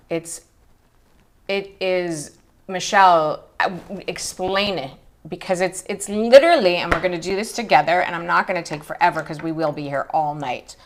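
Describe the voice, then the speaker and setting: A woman in her forties hosting a live skincare chat, talking in an emotional, chatty way, her voice jumping high when she greets viewers. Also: a bit bright. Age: 40s. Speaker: beauty show host.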